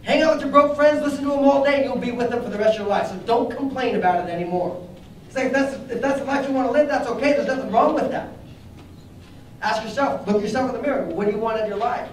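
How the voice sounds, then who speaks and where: High, energetic man in a very echoey room. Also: a little hiss or hum. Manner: energetic, storytelling, asks the audience questions. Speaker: network marketing trainer. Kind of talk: motivational training talk to a live group. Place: training room before an audience. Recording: very echoey room, mic at a distance.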